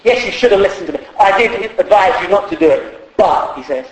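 A man's voice: high-pitched, expressive, fairly quick. A man preaching a sermon in a humorous, conversational way, acting out quotes along the way. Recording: echoey hall.

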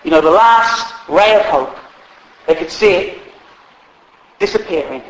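Man, sermon, high voice, roomy echo, chatty and humorous. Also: animated, measured pace. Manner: humorous, conversational preaching with acted quotes. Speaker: preacher. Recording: echoey hall.

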